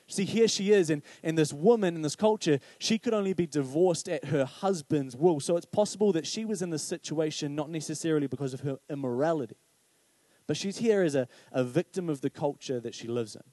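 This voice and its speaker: A man's voice: a little high, brisk, no room sound. A male pastor giving a conversational sermon, often asking "right?" and acting out quoted voices. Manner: conversational, animated, acts out quoted voices with many "right?" asides.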